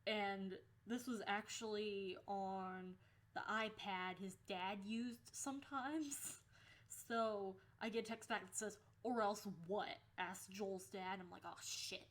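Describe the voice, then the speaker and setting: A young woman in a casual storytelling vlog, with a voice that sits in an ordinary middle pitch. She talks candidly and swears freely, laughing her way through the tale. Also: fairly even intonation, takes it slowly, a bit bright. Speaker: vlogger.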